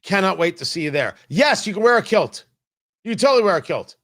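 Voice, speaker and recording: Animated high-voiced male radio host. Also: fast. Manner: animated, emphatic, mocking impressions. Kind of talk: talk radio commentary.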